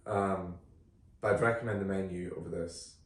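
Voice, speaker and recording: Relaxed man in a roomy room. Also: low voice, normal speed. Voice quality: relaxed, chatty with frequent fillers. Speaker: podcast co-host. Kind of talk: casual film review chat. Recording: roomy, distant from the mic.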